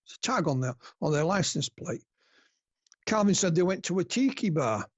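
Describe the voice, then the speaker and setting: A man with a northern English accent tells his stories in a chatty, easygoing way, often chuckling at his own anecdotes. His voice is fairly high and husky. The sound is dry and dull, like lo-fi remote call audio. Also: lively intonation, normal speed, no room sound. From north of England. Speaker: guest researcher. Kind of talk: casual podcast interview.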